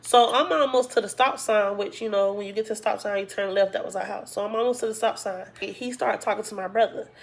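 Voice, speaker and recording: A woman casually telling viewers a personal story in an animated, colloquial way, using "y'all" and "like" a lot. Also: medium pitch, quick pace, gravelly, hardly any pauses. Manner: animated, acts out quoted dialogue, heavy use of "like". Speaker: storytime vlogger.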